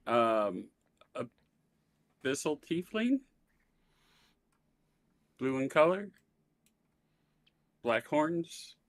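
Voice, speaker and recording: A man playing a tabletop game over voice chat, describing his character haltingly. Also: mid-range voice, dry recording. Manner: hesitant, halting. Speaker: player.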